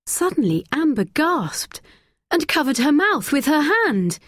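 A woman narrating a graded-reader story slowly, clearly and expressively. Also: high voice, big pitch swings, dry recording, studio quality.

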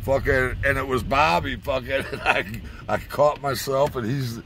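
A man's voice: medium pitch, fairly even intonation, moderate pace, fairly bright tone, a little hiss or hum. A man telling a rambling, profane story in a casual way, chuckling as he goes, from inside a car.

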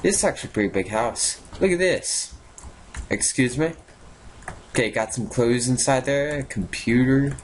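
A young man giving casual, sarcastic commentary while playing a game, swearing often and reacting out loud. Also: mid-range voice, moderate pace, a little hiss or hum. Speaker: gaming YouTuber. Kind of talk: casual let's-play commentary.

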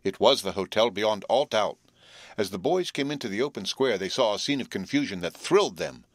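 A man reads an audiobook in a low, steady voice. His delivery is clear and even. The sound is dry and close. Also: fairly quick, no echo. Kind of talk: audiobook narration.

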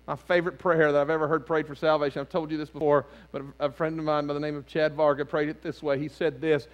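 Animated preacher man. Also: a little high, fast, few pauses. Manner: animated preaching, swinging between loud and hushed. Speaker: lead pastor. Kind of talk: sermon. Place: church sanctuary.

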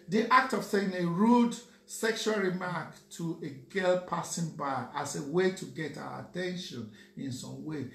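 Slow, gravelly Nigerian man lecturing. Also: sits high. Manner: lecturing, keeps asking "you understand?". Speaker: radio show co-host. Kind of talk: radio talk commentary. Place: radio studio. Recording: echoey room with faint hum.

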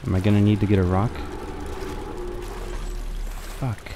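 A man's voice: on the low side, steady tone, a little slow, over music. A young man casually commenting on a horror game as he plays, swearing and talking to himself. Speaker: let's play gamer.

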